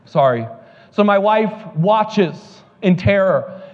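A man's voice: high-pitched, animated, brisk, big-room sound, dull audio. A male pastor preaching a sermon, telling joking stories before building to fervent preaching at a church service.

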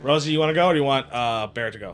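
A man's voice: medium pitch, very fast, faint music behind. A man acting as game master, casually narrating and calling rolls. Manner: casual, narrating and ruling with fillers. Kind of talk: running a tabletop game.

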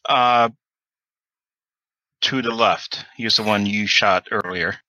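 A man's voice: lowish voice, slow, bright, forceful tone, no echo, muffled recording. A man running a tabletop horror game as game master, talking with many fillers and restarts.

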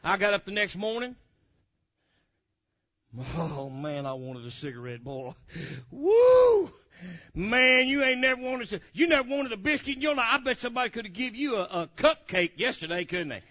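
A man telling a testimony in a sermon, swinging from loud hollering to low, quiet asides. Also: brisk. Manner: animated storyteller, swings from hollering to low murmurs. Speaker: preacher. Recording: dull lo-fi recording.

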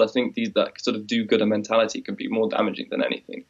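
A man's voice: on the low side, flat delivery, fast talker, slightly rough. A man in a casual chat who rambles through his thoughts in a reflective way. He breaks into quoted voices now and then, and the recording sounds slightly dull and lo-fi. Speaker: musician co-host.

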